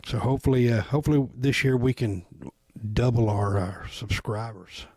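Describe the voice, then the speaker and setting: A man with an average-pitched voice hosts a relaxed interview for his shop's channel. He is friendly and talkative, with a dry, close sound. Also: moderate pace, dry recording. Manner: friendly, chatty, with frequent fillers. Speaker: shop owner and show host. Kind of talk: casual interview chat.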